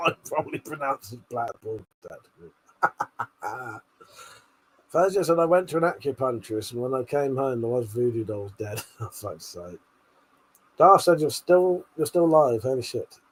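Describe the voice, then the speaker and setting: A man's voice: medium pitch, lively intonation, measured pace, breathy edge. A British man hosting a live stream, reading out viewer comments and teasing them, swearing and laughing a lot, a little tipsy. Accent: British English. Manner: laughs often, swears, banters and teases the chat. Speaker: livestream host.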